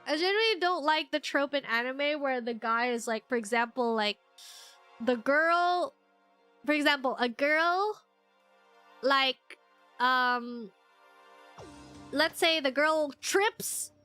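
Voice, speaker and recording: High bright-voiced rambling woman streamer. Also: measured pace, faint music behind. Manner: rambling, animated ranting. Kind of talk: game let's play commentary.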